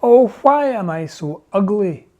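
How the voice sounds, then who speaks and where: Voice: medium pitch, lively intonation, unhurried, warm tone, muffled recording, natural voice. A reader voicing a miserable, self-pitying little male owl who moans and pleads, in a storybook reading. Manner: whiny, moaning, pleading.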